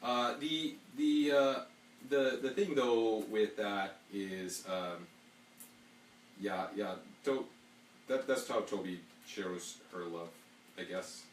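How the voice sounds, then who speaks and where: Man hosting a live stream, roomy sound. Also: lowish voice. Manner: slides into a fast auctioneer patter as a joke. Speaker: podcast host. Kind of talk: casual live-stream chat. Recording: echoey room, mic at a distance, faint hum.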